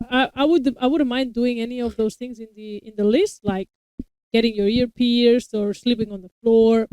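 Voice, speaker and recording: Smooth-voiced woman chatting at length. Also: on the high side, darkish tone, no room sound, low-quality recording. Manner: long talkative explanations with frequent restarts. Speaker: co-host reacting to a TV episode; parent of young children. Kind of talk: casual chat.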